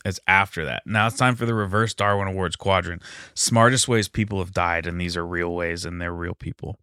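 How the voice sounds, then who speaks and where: A man hosting an improvised comedy podcast, with a deadpan, mocking delivery. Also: low voice, brisk, clean tone, dry recording, clean studio sound. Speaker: podcast host.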